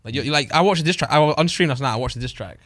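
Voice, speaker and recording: A man co-hosting a casual podcast, jumping in quickly with encouraging remarks. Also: a little high, expressive, a bit bright, dry recording, studio quality. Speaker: podcast co-host.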